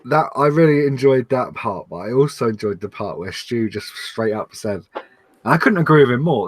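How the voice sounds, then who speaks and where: A man's voice: mid-range voice, lively intonation, normal speed, dry recording. A British man co-hosting a casual podcast, blunt and sweary. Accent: British English. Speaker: podcast co-host. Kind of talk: casual chat.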